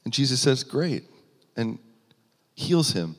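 Male preacher, earnest and emphatic, mid-pitched, long hall reverb. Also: normal speed. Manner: earnest, rising with emphasis, frequent restarts. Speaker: pastor. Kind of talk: sermon.

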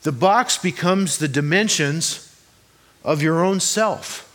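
In a church hall before a congregation, a pastor preaches in a chatty, joking manner, often throwing rhetorical questions at the crowd. His voice is a little high and fairly bright, and he speaks slowly.

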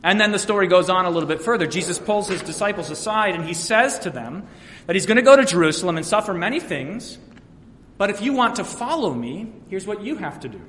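A man preaching in a church, his voice sitting a touch high for a man. He retells scripture stories and voices each quote, swinging from hushed to ringing. A long reverb trails his words around the sanctuary. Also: lively intonation, brisk, a little hiss or hum. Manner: storytelling preacher who voices biblical quotes with sweeping shifts in loudness. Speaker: pastor. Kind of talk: sermon.

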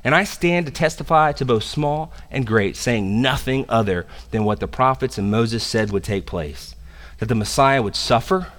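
A man preaching a sermon as pastor, animated and conversational, slipping into casual slang. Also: fairly low pitch. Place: church sanctuary. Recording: long reverb of a church hall.

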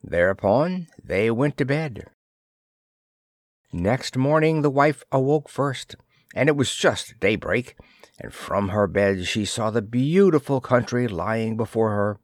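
A man reading a fairy tale aloud in a measured, expressive storytelling manner. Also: mid-range voice, dry recording, clean studio sound. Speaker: narrator.

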